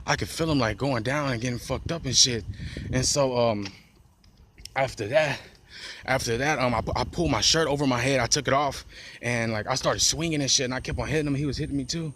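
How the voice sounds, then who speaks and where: A man's voice: medium pitch, a little fast, a bit bright, a little hiss or hum. Rambling slangy man telling a street story. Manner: rambling, profane slang with frequent restarts and "bro". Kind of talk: casual storytime monologue.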